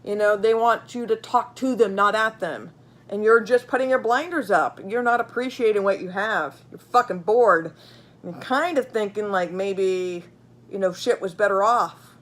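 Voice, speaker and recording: A woman giving a casual tarot reading, blunt and profane, talking to viewers with lots of fillers and repeats. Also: medium pitch. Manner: blunt, swears freely, many fillers; chatty, repeats herself while pulling cards. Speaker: tarot reader.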